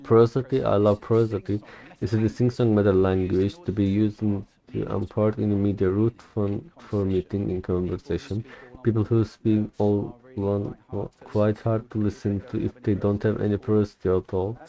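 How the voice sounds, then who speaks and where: A young man whose first language is Turkish recites a recorded speech in English to practice. His voice sits fairly low and sounds soft and mellow. He speaks deliberately, mimicking the original's stresses and stumbling now and then. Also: flat delivery, poor audio. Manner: careful, deliberate recitation with mimicked emphasis and occasional slips. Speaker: language learner. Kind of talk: shadowing a recorded talk aloud.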